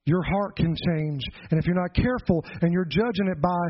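A middle-aged pastor preaching a Sunday sermon, telling a childhood story in an earnest, folksy way with joking asides. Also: male voice, high-pitched, fairly quick, few pauses. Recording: dull lo-fi sound.

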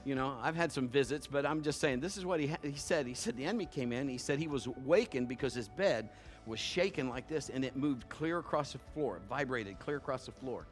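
A middle-aged man preaching a sermon, swinging between hushed tones and loud bursts as he acts out conversations. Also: medium pitch.

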